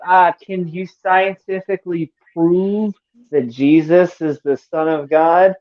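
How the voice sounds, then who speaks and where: Woman podcast co-host: playful and teasing, with sudden squeaky outbursts and a muffled lo-fi sound. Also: takes it slowly. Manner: playful, jokey, bursts into silly high squeals. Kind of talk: casual podcast chat. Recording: dull lo-fi audio.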